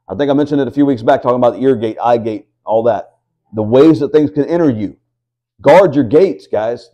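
A man's voice: mid-range voice, mellow, lo-fi sound. A man preaching a sermon to a house church, reading scripture aloud and asking the listeners rhetorical questions. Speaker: pastor.

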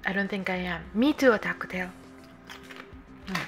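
A VTuber streamer plays a game and chats casually with her viewers, giggling often and sometimes reading the game's lines aloud. Her voice is medium-pitched at a moderate pace, with soft game music faintly underneath.

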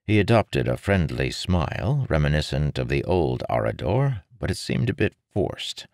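A man with a very low, deep voice narrating a novel in a measured, even storytelling manner. The recording is dry and close, with no room sound. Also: no echo. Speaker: audiobook narrator. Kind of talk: scripted narration.

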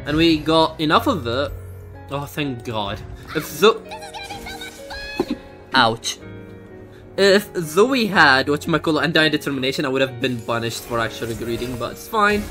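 A young man narrating his gameplay live, his pitch swinging widely and his delivery unhurried. His voice is bright and tense, with a faint bed of music underneath. He sounds exasperated, swearing and breaking into sudden exclamations. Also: expressive. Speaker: gamer streaming a speedrun.

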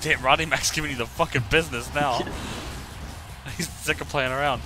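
A man streaming a wrestling game, laughing nonstop and shouting profane trash talk at his opponent. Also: medium pitch, fairly even intonation, brisk, music in the background. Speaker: gaming streamer. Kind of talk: live gameplay banter.

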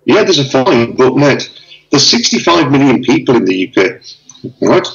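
Animated man telling stories on a video call. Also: mid-range voice, moderate pace, vocal fry, dull audio. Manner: animated storyteller, acts out dialogue. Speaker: interviewee. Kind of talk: casual video-call chat.

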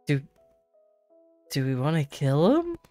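A woman's voice: low-pitched, huge pitch swings, takes it slowly, mellow, faint music behind. A woman playing in a tabletop game, casual and reactive in her replies. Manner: casual, reactive, plain-spoken. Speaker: player. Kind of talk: tabletop game role-play.

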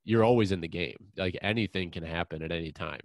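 A man's voice: deep voice, quick pace, dry recording. A man hosting an outdoors podcast, telling a long hunting story in a frank, rambling way with mild swearing. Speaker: podcast host. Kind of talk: casual chat, long personal anecdote.

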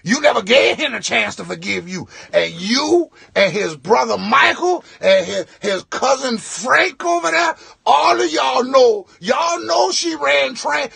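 Guy doing a drunk dad yelling slow at a wedding, high raspy voice. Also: dry recording, heavily acted. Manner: shouting, slow, slurring rant. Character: drunk loudmouth father of the groom.

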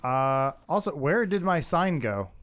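A man with a higher-than-usual voice makes dry, offhand remarks while playing a game with friends. His pitch rises and falls a lot. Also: very animated, a little slow, fairly bright tone. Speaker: gameplay commentator. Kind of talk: casual gaming banter.

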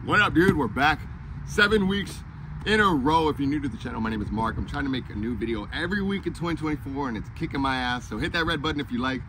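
A man's voice: medium pitch, animated, quick pace, noisy background. A laid-back man vlogging about skateboarding in casual chat, filmed outdoors at a skate spot on a handheld camera. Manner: laid-back, says dude a lot.

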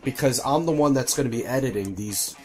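Excitable young man gaming with friends. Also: mid-range voice, a little fast, faint music behind. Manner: excitable, swears, directs the player. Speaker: let's-play co-host and editor. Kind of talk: casual gaming chat. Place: home room with TV game audio.

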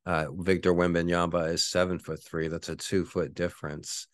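A man's voice: deep voice, little pitch movement, normal speed, no room sound, clean studio sound. A man in his forties hosting a podcast, rambling through a casual, profane monologue full of fillers and self-corrections. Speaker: podcast host.

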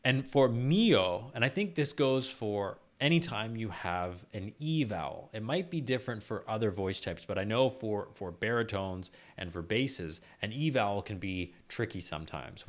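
A man with a low voice, a professional singer and vocal coach explaining singing technique step by step in a YouTube lesson. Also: expressive, moderate pace, hardly any pauses. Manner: patient step-by-step explaining with sung and spoken demonstrations.

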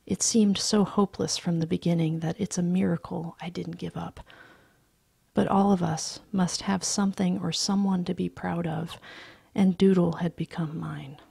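A woman reading a story aloud in a hushed, breathy, soft-spoken voice. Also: lowish voice, fairly even intonation, normal speed, no room sound. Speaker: story reader.

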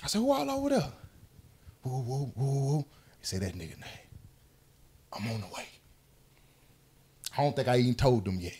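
A podcast guest tells a story among friends, animated and laughing as he acts out quotes, voices and sound effects. His voice sits at medium pitch and normal speed, broken by long pauses. There's slight background noise.

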